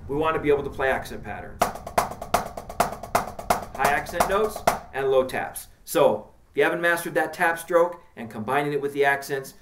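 A man's voice: on the high side, normal speed, over loud music. A man teaching a drum lesson, coaching emphatically and counting out patterns as he demonstrates. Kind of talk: instructional lesson.

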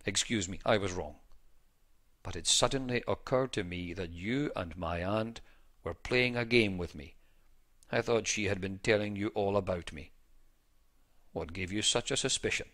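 Man reading a gravely ill young Irishman, proud and earnest, low voice, formal storybook phrasing. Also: moderate pace, fairly bright tone, close to an everyday voice. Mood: apologetic.

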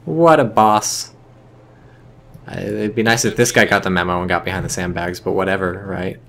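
A man's voice: low-pitched, fairly even intonation, fast, vocal fry, a bit bright. A man casually commentating a strategy game, chatty and rambling with joking asides. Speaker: game caster.

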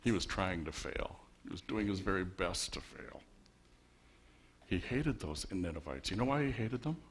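A man's voice: deep voice, animated, normal speed, slight background noise. A man preaching a sermon as a pastor in a church, wry and conversational, leaning on rhetorical questions. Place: church sanctuary.

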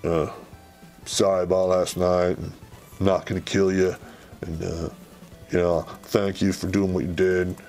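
A man voicing a sobered-up sergeant who apologizes in a low, halting mumble. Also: level tone, darkish tone, faint music behind. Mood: sheepish.

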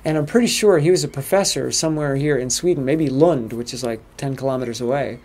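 An American man talking casually to camera as a travel vlogger, chatty and relaxed. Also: mid-range voice, quick pace. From United States. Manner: relaxed, chatty storytelling with laughs. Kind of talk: casual vlog commentary.

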